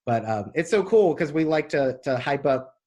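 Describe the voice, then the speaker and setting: A man hosting a podcast, talking in a halting, enthusiastic way full of fillers. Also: on the high side, animated, dark tone. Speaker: podcast host. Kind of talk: casual interview chat.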